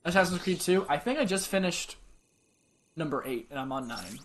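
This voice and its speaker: A man's voice: on the high side, lively intonation, moderate pace, a little hiss or hum. A man streaming a game in casual commentary, rambling, chatting with viewers and cheering on his character. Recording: game music playing behind. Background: game music.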